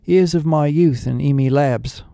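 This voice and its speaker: A man's voice: on the high side, measured pace, creaky, dark tone, no room sound, studio quality, pitched above the performer's own voice. A man voicing a cool, cheerful half-alien rock star scientist with a British accent, in an audiobook. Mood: breezy. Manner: cheerful, languid, genteel. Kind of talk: audiobook character voice.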